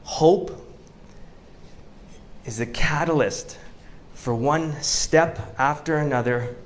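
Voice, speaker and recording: A man's voice: a little high, a little hiss or hum. Canadian man giving a rousing stage talk. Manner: slow dramatic pauses, storytelling. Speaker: motivational speaker. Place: event venue before a live audience.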